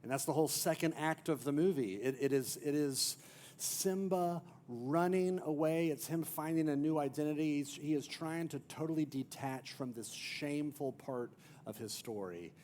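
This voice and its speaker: A man pastor preaching a sermon as an emphatic storyteller, swinging from loud to near-hushed. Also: on the high side, normal speed. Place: church.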